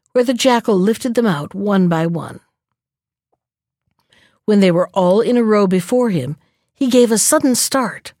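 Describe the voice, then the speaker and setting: A woman reading a storybook aloud as narrator, expressive and lively. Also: mid-range voice, dry recording, studio quality.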